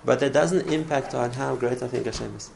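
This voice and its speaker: Guy giving a torah class, gravelly voice, faint hiss behind, keeps repeating himself. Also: medium pitch, fairly quick. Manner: earnest, repeats words, restarts phrases. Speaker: Torah teacher. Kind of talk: religious class lecture.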